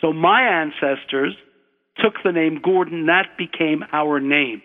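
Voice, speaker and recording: An older American man slowly tells a rambling personal anecdote on the radio, correcting himself as he goes. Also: fairly high pitch. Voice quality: unhurried, digressive, self-correcting. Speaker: storyteller, guest. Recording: tinny phone-like radio line with long hall reverb.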